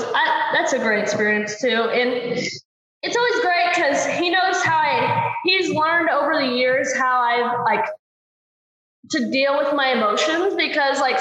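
Young woman racer, high sharp voice, rambling with "like" fillers; echoey muffled recording. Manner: chatty, filler-heavy with constant "like". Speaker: ATV racer. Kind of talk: casual interview answers. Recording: very echoey, dull lo-fi sound.

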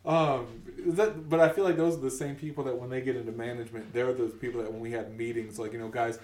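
A man in his thirties co-hosts a podcast, animatedly telling a funny story and acting out the voices of the people in it. His mid-range voice moves quickly with hardly any pauses, recorded from a distance in a reverberant space.

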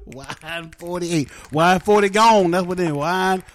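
A man's voice: high voice, takes it slowly. A man hosting a comedy show, chatting casually with lots of laughter and loose, profane banter.

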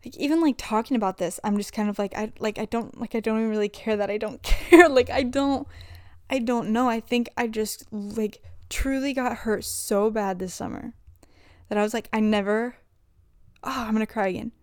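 A woman's voice: a little high, moderate pace, a little mellow, no echo, clean studio sound. A young adult woman talking through personal struggles in a rambling, confessional way, filling her speech with "like" and restarts. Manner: rambling, filler-heavy with frequent "like". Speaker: vlogger.

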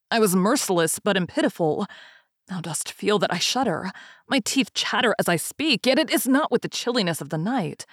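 A woman's voice: medium pitch, slightly rough, no echo, clean studio sound. A woman doing a mournful gibbering fiend. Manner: wailing, shuddering and pleading.

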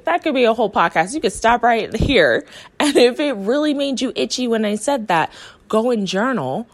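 A young adult woman from the United States, hosting a motivational podcast as a coach and speaking earnestly to her listeners. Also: on the high side. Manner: earnest, encouraging, voices the listener's inner thoughts.

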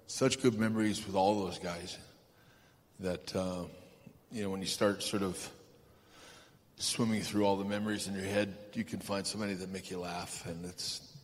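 A man being interviewed on a live stage, telling anecdotes in a rambling, halting way with lots of fillers and chuckles. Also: deep voice. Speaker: guest. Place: large event hall stage. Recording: reverberant hall, faint ambience.

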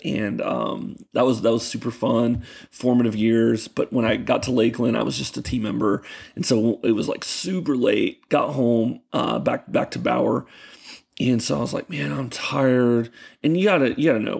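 Guesting on a podcast, this youth pastor has a gravelly voice pitched mid-range as he shares stories in casual conversation. He laughs a lot, stays animated, and uses many fillers.

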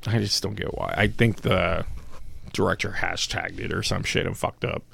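Brief: low, gravelly man, casual rambling podcast co-host, dry close sound. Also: normal speed, no echo. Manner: rambling, animated, swears casually.

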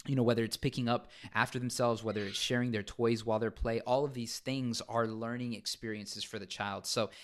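A man in a casual chat about parenting, explaining in a measured way with fillers and restarts. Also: medium pitch, fairly even intonation.

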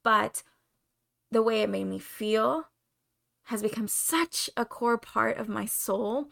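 A young woman with a Spanish accent, talking openly and confessionally as a podcast host, sometimes pausing to find her words. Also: on the high side, creaky, a bit bright. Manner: open, confessional, searching for words. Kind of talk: candid solo podcast monologue.

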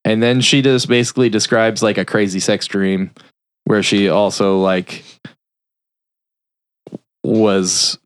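A man's voice: fairly low pitch, clean tone, no echo. Guy podcast host telling the movie plot, doing little voices, dry mic. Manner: animated retelling, quick voices for characters. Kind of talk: casual film recap.

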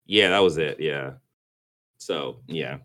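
A man with a low voice co-hosts a laid-back gaming podcast. He rambles, trips over his words and restarts his sentences, chuckling as he goes. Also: takes it slowly, a bit bright. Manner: rambling, stumbles and restarts, laughs easily. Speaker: podcast co-host. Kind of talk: casual gaming podcast chat.

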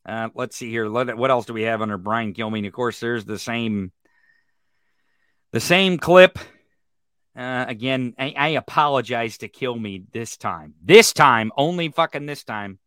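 A man's voice: mid-range voice, a little slow, a bit bright, smooth, no echo, clean studio sound. A man giving an angry, profane reaction commentary on a news clip. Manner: angry, ranting, heavy swearing. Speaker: political commentary streamer.

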